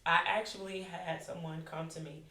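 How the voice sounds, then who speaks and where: A woman's voice: on the low side, flat delivery, moderate pace, bright, forceful tone. A woman in her thirties, a podcast guest, telling her caregiving story frankly and emphatically, often restarting and repeating phrases. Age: 30s. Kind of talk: candid conversational storytelling. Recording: echoey room, distant mic.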